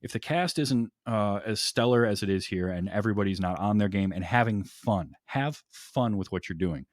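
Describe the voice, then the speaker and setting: Low-voiced man gushing about old movies. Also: moderate pace, no room sound, studio quality. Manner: enthusiastic, laughs often, restarts sentences. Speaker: podcast guest. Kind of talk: casual movie podcast chat.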